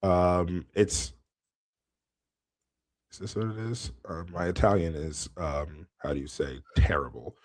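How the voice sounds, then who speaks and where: A man with a deep, low-pitched voice co-hosts a casual sports podcast. He rambles through his points with plenty of ums and breaks into laughter often. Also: fairly even intonation, unhurried, long pauses. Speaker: podcast co-host. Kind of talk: casual chat.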